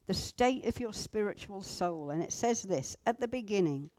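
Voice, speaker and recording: A woman teaching a group how to pray, gentle and instructive, with pauses. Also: medium pitch, lively intonation, no echo. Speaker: church group leader. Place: indoor room with a group at tables.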